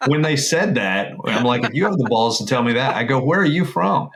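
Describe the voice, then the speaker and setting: A man's voice: medium pitch, a little fast, a loud crowd. A man with a Texan accent, a podcast co-host telling stories in casual chat and acting out the dialogue. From Texas. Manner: animated storyteller, acts out dialogue. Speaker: podcast co-host, actor and comedian.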